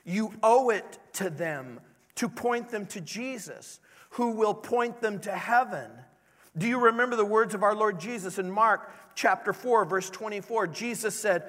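A man's voice: high-pitched, fairly bright tone. A man preaching a sermon as a pastor, earnest and pleading, with many rhetorical questions. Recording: long hall reverb.

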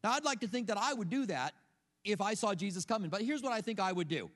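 Male pastor, middle-aged, high-pitched, conversational sermon, rhetorical questions, reverberant sanctuary. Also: lively intonation, fast, a bit bright. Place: church sanctuary.

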